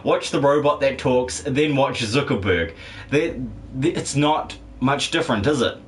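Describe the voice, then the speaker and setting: A man talks casually through a live game stream, drifting from topic to topic as he jokes with his audience. His voice sits at an everyday middle pitch, and he drops swear words and laughs readily as he goes. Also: measured pace, slight background noise. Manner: rambling, jokey, swears and laughs often.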